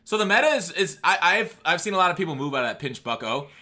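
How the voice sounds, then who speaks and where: A man's voice: high voice, big pitch swings, quick pace, pushed and bright. A man on a call with another streamer, chatting casually in a blunt, profane, joking way. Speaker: streamer guest.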